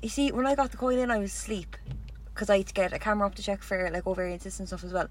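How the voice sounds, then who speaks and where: A woman chatting casually with a friend, quick to react. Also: medium pitch, steady tone, slight background noise. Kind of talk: casual chat.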